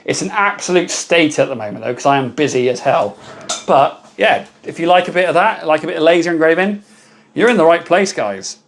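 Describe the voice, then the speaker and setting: A man's voice: fairly high pitch, fairly quick. A British man hosting a casual live stream from his workshop, chatty and upbeat, thanking viewers by name. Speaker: livestream host.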